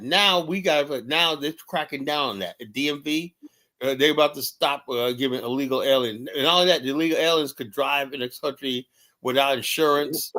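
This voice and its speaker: A man with a somewhat high, pushed and bright voice hosts a podcast, chatting casually and telling stories. He keeps checking in with listeners by repeating "right?"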